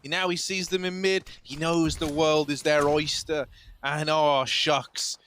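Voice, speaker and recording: A man commentating an esports match, jokey and quick to yell at tense plays. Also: a little high, little pitch movement, a little hiss or hum. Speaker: esports caster.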